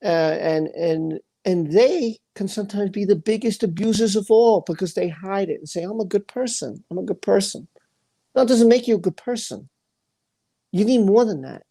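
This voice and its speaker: A man's voice: sits high, normal speed, dark tone. A man hosting a livestream and ranting angrily, emphatic and repetitive, often stumbling over his words. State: angry. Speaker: livestream host. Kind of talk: angry livestream rant.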